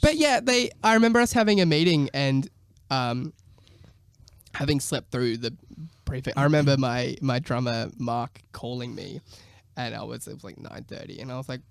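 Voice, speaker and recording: A man's voice: mid-range voice, normal speed, creaky, smooth, dry recording, studio quality. A young man, a guest musician, telling stories in a laid-back way on a casual podcast, often laughing. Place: podcast studio.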